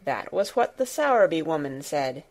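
A woman voicing a tired, distracted middle-aged gentleman who speaks in a worried, absent-minded way. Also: low voice, very animated, moderate pace, voice pushed down. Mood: weary.

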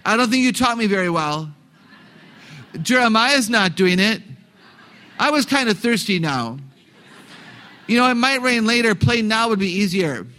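A man's voice: animated, unhurried, long pauses, sharp tone, full character voice. A man putting on the voice of a young child who whines and stalls to get out of homework. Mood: whiny. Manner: whining, stalling, high and pleading.

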